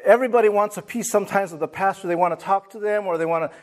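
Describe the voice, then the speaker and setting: A man's voice: high-pitched, very fast. A man preaching a sermon as pastor to his congregation, talking directly to them and acting out what people say. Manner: lively, talks to the congregation and acts out quoted people. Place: church.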